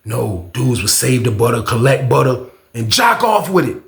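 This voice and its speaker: A man with a gravelly, mid-pitched voice tells a casual storytime. His talk is animated and full of profane slang. The recording is roomy and echoey. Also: moderate pace. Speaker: storytelling channel host.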